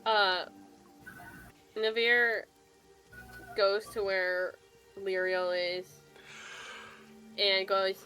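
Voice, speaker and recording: A woman player in a tabletop game, describing her character's actions in a halting way. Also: mid-range voice, fairly even intonation, sharp tone. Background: background music.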